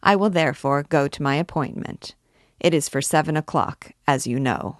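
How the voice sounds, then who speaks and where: A woman's voice: sits low, dry recording, studio quality. A woman voicing a brash, hot-tempered young army captain in a read-aloud novel. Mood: glib. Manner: swaggering and quick to anger.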